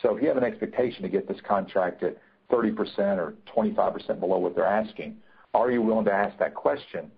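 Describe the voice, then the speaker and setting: A man's voice: lowish voice, lively intonation, brisk, creaky, slightly rough. A man teaching negotiation in a webinar, emphatic, repeating his key points, with many fillers. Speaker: negotiation trainer. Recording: tinny phone-like line.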